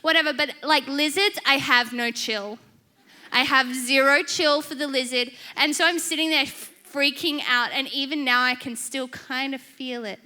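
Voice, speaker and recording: Female church speaker, high and bright, lively humorous sermon storyteller. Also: normal speed.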